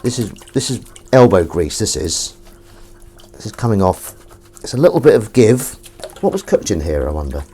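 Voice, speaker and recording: A man's voice: lowish voice, big pitch swings, moderate pace, dark tone. A man chatting casually to a live-stream audience from his home kitchen while washing up, rambling and self-mocking.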